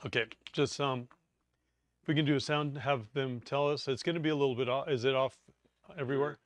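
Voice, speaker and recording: A man's voice: medium pitch, fairly even intonation, brisk, no echo. A man giving a live class presentation on preparedness, chatty and joking, with rambling asides. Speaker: preparedness course instructor. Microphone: lapel mic.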